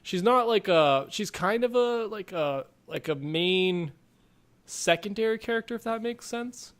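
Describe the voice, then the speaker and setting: A man's voice: high-pitched, expressive, unhurried, fairly bright tone, smooth. A man co-hosting a pop-culture podcast, talking casually with lots of filler words. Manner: chatty, many "like" fillers. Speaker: podcast co-host. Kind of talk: casual chat.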